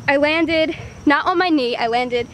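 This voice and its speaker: A woman's voice: high voice, unhurried, slight background noise. A young woman vlogging outdoors in the woods, out of breath and chatting in a rambling way about her dance shoot. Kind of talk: casual vlog chat.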